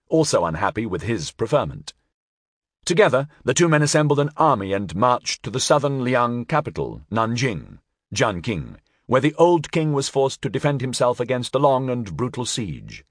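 Animated male history narrator, dry close sound. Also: medium pitch, no echo. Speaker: audiobook narrator.

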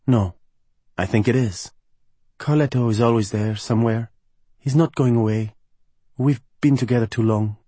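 A man reading an audiobook, voicing a downcast female opera singer who speaks quietly and regretfully. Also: mid-range voice, normal speed, long pauses, husky, no echo, pitched above the performer's own voice, natural voice.

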